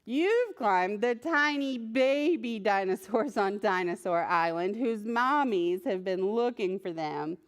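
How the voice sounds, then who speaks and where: A woman librarian reading a picture book aloud to preschoolers, playful and animated, talking to the characters and laughing often. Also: medium pitch, slow, few pauses. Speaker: children's librarian.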